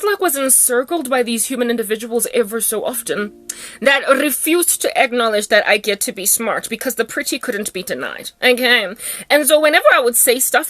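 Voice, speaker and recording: Sassy South African woman, bright voice. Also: a little high, no room sound. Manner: sassy, emphatic, theatrical. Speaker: Christian vlogger. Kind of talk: casual ranting monologue.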